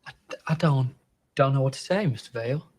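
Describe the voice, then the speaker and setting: An actor playing a timid, stammering young man in a film scene, speaking hushed. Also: mid-range voice, brisk, a little hiss or hum, natural voice. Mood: meek, grateful. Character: timid young male defendant, stammering, grateful. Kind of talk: film dialogue.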